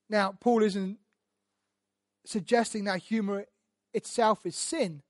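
A man preaching a sermon and teaching through Bible verses, speaking earnestly, often repeating words as he restarts, and building to loud emphatic passages. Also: sits high, steady tone, slow, long pauses, dry recording. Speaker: pastor.

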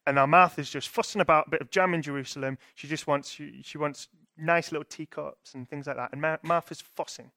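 A young man preaches in a chatty, thinking-aloud way, often restarting and checking in with his listeners. His voice sits a little high for a man. The sound is dry and close, with no room around it. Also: fairly even intonation, brisk, few pauses, pushed and bright, dry recording. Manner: conversational, thinking aloud with frequent restarts and rhetorical "right?". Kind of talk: sermon.

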